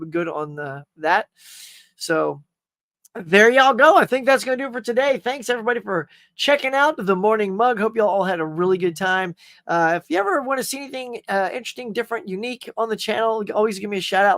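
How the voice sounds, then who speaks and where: A man's voice: sits high, fairly bright tone, no echo, studio quality. A man hosting a casual live stream, rambling cheerfully, greeting viewers and reading their comments, often saying "y'all" and "man.".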